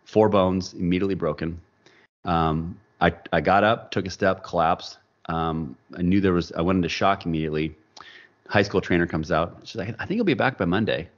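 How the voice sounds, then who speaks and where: A man's voice: sits low, moderate pace, muffled recording. A man telling a personal story as a podcast guest, acting out the people he quotes. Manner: animated storyteller, acts out quoted dialogue. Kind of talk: storytelling in casual interview.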